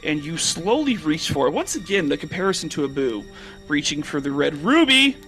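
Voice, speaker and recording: A man's voice: fairly high pitch, big pitch swings, a little fast, pushed and bright, faint music behind. An American man narrating as dungeon master in a casual, hesitant way, full of fillers. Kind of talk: narrating a tabletop game.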